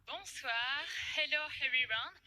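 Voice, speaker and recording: French-accented woman contestant, high bright voice, earnest and simple. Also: unhurried, low-quality recording. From France. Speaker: pageant contestant.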